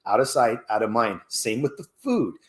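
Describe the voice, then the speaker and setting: A man coaching listeners on healthy habits, talking casually with lots of energy. He acts out short back-and-forths by jumping up into a higher voice. His mid-pitched voice rings in a roomy, echoey space. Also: moderate pace. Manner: animated, coaching, acts out little exchanges in a higher voice. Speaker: fitness coach and host. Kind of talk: motivational casual talk.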